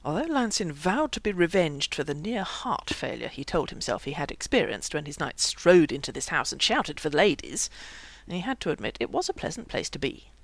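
A narrator reading a fantasy novel aloud in a lively, expressive way. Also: medium pitch, brisk, creaky, a little hiss or hum. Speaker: audiobook narrator. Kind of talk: audiobook narration.

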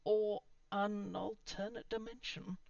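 A woman's voice: fairly low pitch, expressive, a little slow, no echo. Woman doing a desperate stammering librarian guy, dull sound, dry, a little distant from the mic. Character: flustered British librarian man, bookish and desperate.

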